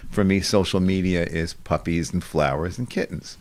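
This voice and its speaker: A man's voice: low-pitched, normal speed. A man hosting a show, telling rambling stories in casual chat and laughing often. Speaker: show host.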